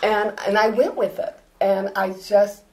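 A woman comedian answering interview questions with lively stories, acting out the voices of people she quotes. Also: medium pitch, unhurried, noisy background. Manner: animated, acts out quoted voices. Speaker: comedian, guest.

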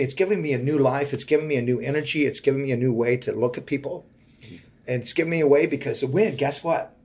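A man in his forties, a guest in an interview, telling a personal story in an earnest, heartfelt way that often sinks to a quiet voice. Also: medium pitch.

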